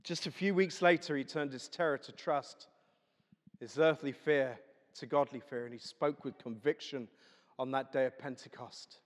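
A man's voice: mid-range voice, fairly even intonation, moderate pace. A man preaching a chatty, humorous sermon, telling stories to a congregation. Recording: echoey hall.

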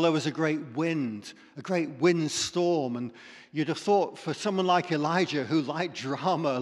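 A male preacher giving a sermon with dramatic storytelling that sinks to near whispers. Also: on the high side. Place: church. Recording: long reverb in a church hall.

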